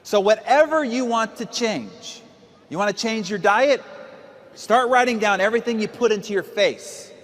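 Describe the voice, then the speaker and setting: Addressing a live seminar audience, this American motivational speaker in his forties speaks emphatically and asks many rhetorical questions. His expressive voice sits high, moving at normal speed with a long reverb tail.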